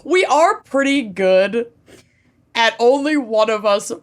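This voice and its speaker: A woman's voice: fairly high pitch, expressive, slow. A woman in her thirties co-hosting a podcast in casual chat, wry and blunt, swearing offhandedly. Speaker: podcast co-host.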